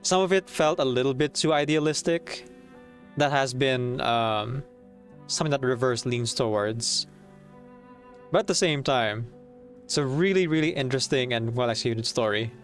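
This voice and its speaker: A man's voice: mid-range voice, moderate pace, faint music behind. A man streaming a story game, reading the text aloud and chatting about it as he goes. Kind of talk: casual gameplay commentary and read-aloud.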